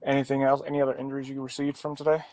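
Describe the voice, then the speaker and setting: A male police officer questioning witnesses in a calm, matter-of-fact way, recorded outdoors on his body camera. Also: medium pitch, racing. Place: outdoors at a residence.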